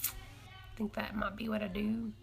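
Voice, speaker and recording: A young woman hosting a homesteading live stream, chatting casually and excitably with viewers, thinking aloud and laughing often. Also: medium pitch, unhurried, vocal fry, slightly rough. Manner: rambling, self-correcting, thinking aloud.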